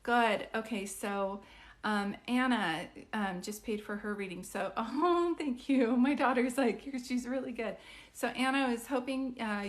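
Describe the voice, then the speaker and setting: A woman doing psychic readings on a live stream, chatting with viewers in an excitable, rambling way. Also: a little high. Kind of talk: casual live-stream chat.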